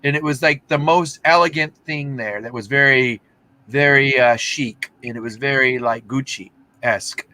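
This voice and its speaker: A man's voice: medium pitch, unhurried, bright, forceful tone. Rambling man hosting a video-call chat. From Texas. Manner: rambling storyteller, acts out quoted voices. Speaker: host. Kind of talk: casual chat.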